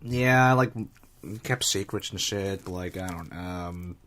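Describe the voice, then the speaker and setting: A very low-pitched man chatting casually as a podcast co-host. He talks in halting bursts, piles up fillers and restarts his sentences, and laughs and swears freely. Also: a bit bright. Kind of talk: casual recap chat.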